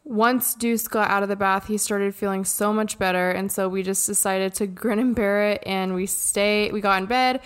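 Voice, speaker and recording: A woman in her thirties, co-hosting a podcast, telling a family story in a lively way, laughing often and jumping in to finish her partner's sentences. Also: medium pitch, moderate pace, hardly any pauses, clean tone. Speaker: podcast co-host. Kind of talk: casual storytelling.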